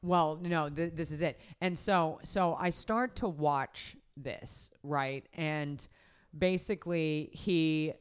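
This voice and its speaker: Casual podcast host, female, deep-set and smooth, chatty and meandering. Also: slow pace. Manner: rambling, filler-heavy, laughs often. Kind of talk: casual storytelling chat. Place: podcast recording setup.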